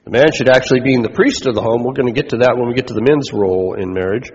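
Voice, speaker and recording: A man's voice: medium pitch, fast. A man who is a pastor, giving a conversational sermon and putting questions to his listeners. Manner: conversational preaching, asks the congregation questions. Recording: dull recording with long hall reverb.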